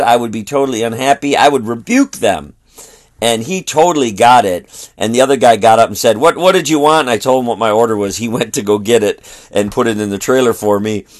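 A middle-aged man, a traveling preacher, recounts a conversation in a plain storytelling voice. He acts out both sides of the exchange. His pitch sits in the ordinary middle range. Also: fairly quick.

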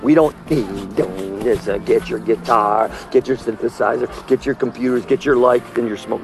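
A man preaching outdoors on a city street, emphatic and forceful, his voice climbing high when he exhorts. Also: normal speed, hardly any pauses, over music.

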